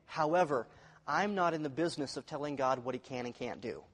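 A pastor giving a sermon in a conversational way, asking the congregation questions. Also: male voice, mid-range voice, expressive, brisk, long reverb tail.

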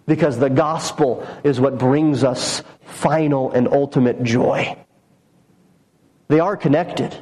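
A man's voice: on the high side, a little mellow, in a large hall, poor audio. A man preaching a sermon, earnest and emphatic, building points through repeated phrases. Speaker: pastor.

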